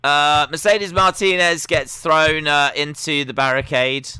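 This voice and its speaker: A young man talks over a live stream, chatty and openly opinionated, with a sarcastic edge. His voice sits a touch high and sounds bright and forceful. The recording is dry and close, with no room in it. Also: fairly even intonation, a little slow, clear, resonant tone, no room sound. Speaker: live stream watch-along host. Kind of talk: casual live commentary.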